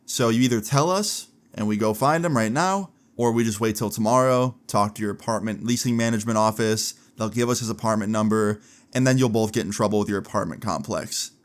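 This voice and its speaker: A firm police officer, played by a man telling a story on a vlog. He speaks in a low, measured voice and asks questions plainly. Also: lightly acted. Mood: stern. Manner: measured, matter-of-fact questioning.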